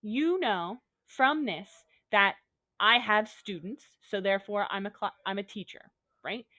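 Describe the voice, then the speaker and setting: Woman teacher, upbeat and goofy, patient step-by-step explainer, average pitch, dry close recording. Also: unhurried, sharp tone, no room sound. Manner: upbeat, goofy, talks through examples step by step. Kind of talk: recorded online lesson.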